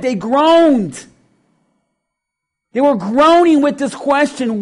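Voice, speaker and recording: A man delivers a sermon in a notably high voice. He speaks slowly and deliberately. He leans on repetition to drive each point home. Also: expressive. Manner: slow, emphatic preaching with repetition. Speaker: pastor.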